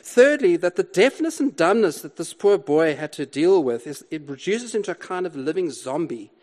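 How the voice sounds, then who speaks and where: A man's voice: on the high side, sing-song, moderate pace, a little mellow. An older man preaching a sermon, explaining a Bible passage with emphatic repetition and rhetorical questions. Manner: emphatic, repeats key words, rhetorical questions.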